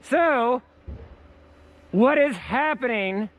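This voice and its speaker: Outdoors in the snow, a male science teacher gives a playful, energetic hands-on lesson, repeating key words. His voice is extremely high and he speaks very slowly.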